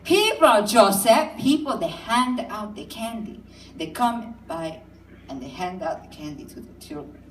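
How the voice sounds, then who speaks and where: A woman's voice: mid-range voice, animated, measured pace, slight background noise, natural voice. A woman voicing a fretful, overprotective middle-aged mother who speaks in a sing-song, repetitive way, heard from far off in an echoey room. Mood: insistent.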